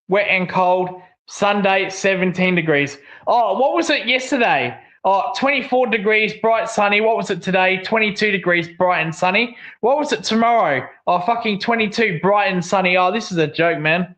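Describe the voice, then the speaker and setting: A young Australian man co-hosts a livestream, chatting casually and ranting with plenty of swearing. His voice is high-pitched and a bit bright.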